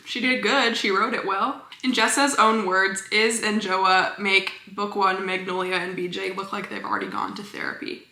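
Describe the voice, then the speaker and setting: A woman chatting casually as a book vlogger, gushing about her favorite reads with quick, enthusiastic asides. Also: mid-range voice, lively intonation, sharp tone, reverberant. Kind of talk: casual book review chat.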